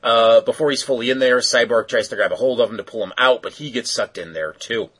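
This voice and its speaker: A man's voice: mid-range voice, brisk, fairly bright tone, husky, low-quality recording. A man casually recapping a cartoon episode, rambling with lots of fillers. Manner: rambling, filler-heavy storytelling.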